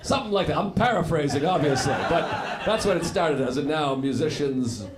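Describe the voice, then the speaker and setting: A man doing stand-up crowd work with dry, teasing, deadpan asides in a theater before a live audience. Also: fairly high pitch, a little fast, very noisy. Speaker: stand-up comedian. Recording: echoey theater with laughing crowd.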